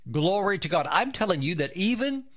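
A man with a high voice, speaking a little fast, preaches a lively sermon as a pastor. He tells anecdotes and bursts into exuberant shouts of hallelujah and praise.

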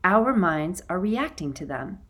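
A woman reading an audiobook, voicing a boy who speaks gravely and with concern for his friends. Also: lowish voice, sing-song, a little slow, fairly bright tone, exaggerated voice. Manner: grave, caring.

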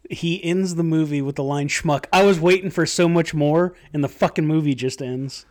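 A man in casual podcast chat about a movie, sarcastic and quick with jokes. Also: fairly high pitch, a little mellow.

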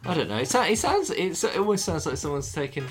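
A man's voice: a little high, big pitch swings, fast talker, a little hiss or hum. A man co-hosting a casual podcast, teasing his friend and laughing easily. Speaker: podcast co-host. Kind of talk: casual chat.

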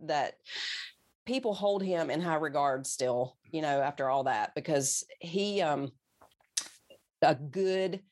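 A woman with a Southern US accent, a guest on a radio talk show, friendly and relaxed. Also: low-pitched, slow, long pauses. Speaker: guest, Bible study host. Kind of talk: radio interview.

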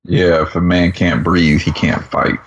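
A man's voice: low-pitched, level tone, measured pace, dull audio. A man co-hosting a podcast, adding short comments and questions in casual chat. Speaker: podcast co-host.

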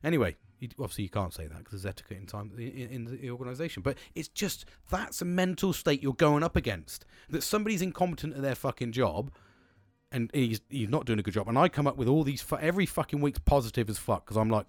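A man's voice: mid-range voice, quick pace, no room sound. Brief: British man, swears constantly, blunt and boastful, dry close sound. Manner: jumps between mumbling and loud bursts. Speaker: vlogger. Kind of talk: casual rant, telling a work story.

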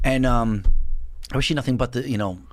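A man's voice: mid-range voice, fairly quick, slight background noise. A man hosting a podcast, chatting enthusiastically with his guest and rambling a bit. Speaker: podcast host. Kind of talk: casual chat.

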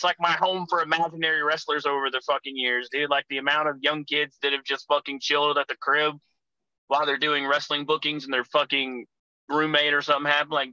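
A young man with a very bright, slightly high voice tells crude, rambling stories, swearing constantly. His sound is close and dry, with no room around it. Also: dry recording, poor audio. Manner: crude, profane, rambling storyteller. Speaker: guest, wrestling figure. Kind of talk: casual chat.

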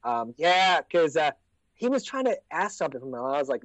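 An American man telling stories in a casual chat, laid-back and profane, often trailing off into low asides. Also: very animated, quick pace, a bit bright, no room sound. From United States. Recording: dry, dull lo-fi sound.

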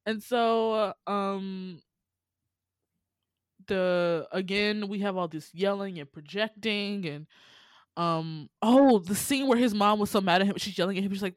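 A woman chatting casually as a podcast co-host, recapping a TV drama in a lively way and acting out the characters' lines. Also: mid-range voice, slow pace, dry recording. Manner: animated, acts out character lines.

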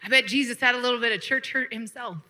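A woman preacher with a high, bright voice delivers an animated sermon. She mixes plain talk with playful asides and calls for the congregation to answer back. Her delivery is warm-humored and energetic. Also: quick pace. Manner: lively preaching with laughs, call-and-response asides. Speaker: pastor.

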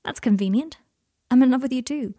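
A woman voicing a tender, earnest young man in love, pleading softly. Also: high-pitched, a little fast, dry recording, studio quality, pitched above the performer's own voice.

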